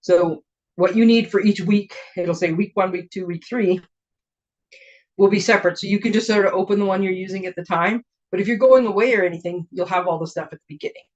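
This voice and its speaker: A woman's voice: medium pitch, brisk, darkish tone. A woman demonstrating papercraft products in a casual show-and-tell, chatty and gushing, with rambling asides. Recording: dull lo-fi recording.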